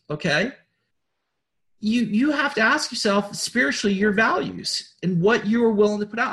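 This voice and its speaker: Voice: mid-range voice, fairly bright tone. A spiritual group leader gives a loose motivational talk to followers. The delivery is blunt and peppered with swearing. It rambles, doubles back on its own words and keeps pressing the listeners to act. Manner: blunt, profane, repetitive and rambling; insistent, urging listeners. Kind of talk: informal motivational address.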